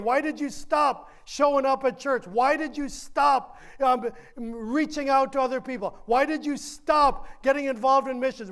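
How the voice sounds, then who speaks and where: A man preaching a sermon as pastor, earnest and driving, with repeated questions and drawn-out lines. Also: very high-pitched, fairly bright tone.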